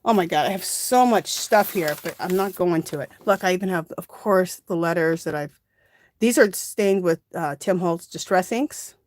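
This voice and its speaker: A woman's voice: on the low side, moderate pace, a little hiss or hum. Woman, craft livestream host, chatty, rambling, thinking aloud, phone mic, home craft table. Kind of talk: casual crafting livestream chat.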